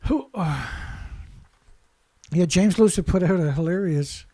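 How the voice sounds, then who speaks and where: A man's voice: high-pitched, unhurried, mellow, no echo. A man commentating alone in a sarcastic, mocking way, firing off rhetorical questions, laughing and leaning hard on key words. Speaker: environmental commentator.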